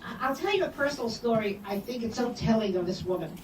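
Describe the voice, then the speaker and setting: An older woman telling personal memories to an audience, animated, acting out the voices in her quoted dialogue. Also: a little high, quick pace. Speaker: speaker sharing memories. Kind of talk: personal storytelling talk. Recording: echoey room from far off, noisy.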